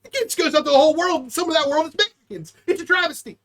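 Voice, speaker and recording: A man's voice: very high-pitched, fast, fairly bright tone. A young man co-hosting a podcast, rambling through crude comedic rants and slipping into a put-on country drawl. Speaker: podcast co-host.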